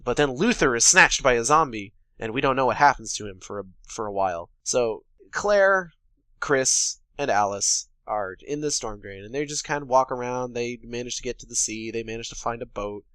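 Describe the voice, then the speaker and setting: A man's voice: medium pitch, expressive, normal speed, bright, forceful tone, clear, resonant tone, no room sound. Profane, sarcastic man recapping a movie. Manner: sarcastic, profane, paraphrases characters in quotes. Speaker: podcast co-host. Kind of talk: casual recap chat.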